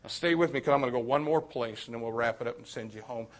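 A man preaching a youth sermon, moving from quiet confiding to sudden shouted emphasis. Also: mid-range voice, fast talker.

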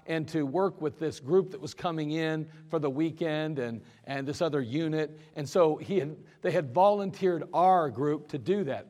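A man's voice: fairly high pitch, moderate pace, hardly any pauses, a little mellow. A man preaching a sermon in a casual, storytelling way, often putting questions to his congregation. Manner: conversational, asks the congregation questions. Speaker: pastor. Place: church sanctuary.

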